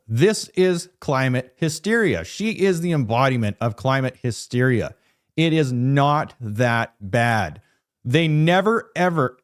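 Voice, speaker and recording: A man hosting political commentary, talking emphatically in a ranting, sarcastic way. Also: medium pitch. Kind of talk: opinionated news commentary.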